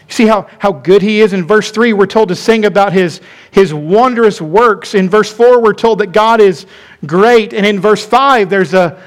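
A male pastor preaching a sermon, stressing points by repeating phrases and calling the congregation to respond. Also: high-pitched.

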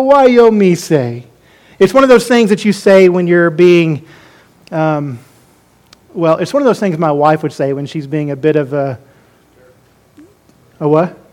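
A man's voice: sits high, a little mellow. A man preaching a sermon as pastor, folksy and joking as he talks to his congregation.

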